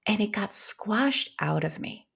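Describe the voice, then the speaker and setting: Gravelly, animated woman telling stories. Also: medium pitch, unhurried. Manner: animated storyteller, acts out quotes. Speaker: podcast guest, pediatrician and coach. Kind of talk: casual conversation.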